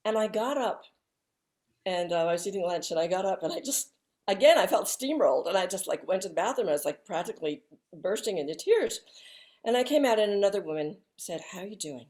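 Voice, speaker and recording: Soft-spoken woman guest, halting and reflective. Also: medium pitch, lively intonation. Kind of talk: reflective interview talk.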